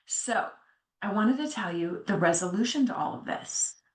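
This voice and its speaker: Animated middle-aged woman in an echoey room. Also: medium pitch, moderate pace. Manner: animated, jumps into quoted voices. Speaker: podcast co-host. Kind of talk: candid storytelling chat.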